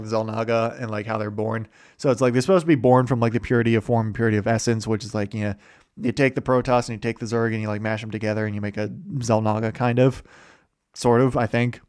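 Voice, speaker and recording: A man's voice: mid-range voice, smooth, dry recording, clean studio sound. A man hosting a casual summary of a game campaign, rambling with many fillers and self-corrections and chuckling often. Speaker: host.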